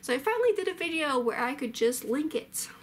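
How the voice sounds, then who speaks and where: A woman in her thirties casually commenting on her old videos, animated and sarcastic with quick asides. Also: sits high. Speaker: vlogger.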